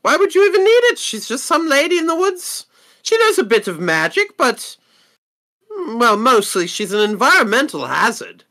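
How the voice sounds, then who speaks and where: A prim, evasive merchant woman, put on by a man running a tabletop game, her voice lifting high and swooping through each excuse. She sounds bright and sharp, fussing over her words with little restarts. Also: big pitch swings, normal speed, full character voice. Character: haughty female merchant with a grudge. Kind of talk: tabletop role-play.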